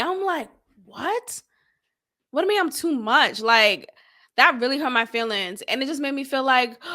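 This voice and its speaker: High, lively woman podcast host. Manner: animated and expressive, acts out quotes. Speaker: podcast host reviewing an interview. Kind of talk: casual commentary.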